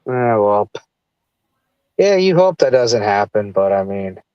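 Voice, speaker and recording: A man with a mixed Chicago accent talks in a fairly low voice on a casual live stream. His speech rambles, full of "like" fillers, and the sound is dry and close. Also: very animated, slow, darkish tone, clear, resonant tone, dry recording, muffled recording. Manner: loose, rambling with many "like" fillers. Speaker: guest.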